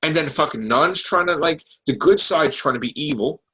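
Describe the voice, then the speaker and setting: A man hosting a casual podcast chat, recapping TV shows in an excitable, profane, animated way. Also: on the high side, normal speed, rough recording. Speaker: podcast host.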